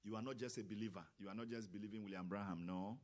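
Emphatic preacher man, deepish voice. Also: fairly even intonation, racing. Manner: emphatic, rising to loud exclamations; non-native grammar, acts out quoted voices. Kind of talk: sermon.

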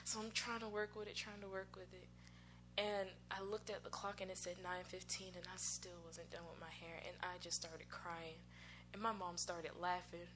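An American woman who is a church musician and worship singer shares a personal testimony in a church sanctuary with music in the background. She speaks candidly and conversationally at normal speed and laughs at herself. Her mid-range voice is a bit bright with fairly even intonation, and there's a little hiss or hum.

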